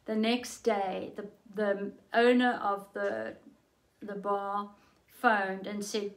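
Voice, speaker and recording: A middle-aged woman preaching on a livestream, telling a story slowly and earnestly, then urging listeners with rising fervor. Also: mid-range voice, little pitch movement, rough recording. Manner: slow, earnest storytelling, rising fervent in exhortation. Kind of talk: storytelling sermon.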